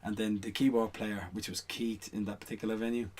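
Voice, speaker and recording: A man's voice: fairly low pitch, flat delivery, brisk, a little mellow, slight background noise. A middle-aged man, a guest on a casual podcast, telling rambling anecdotes full of "you know what I mean" asides. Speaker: guest, stage performer.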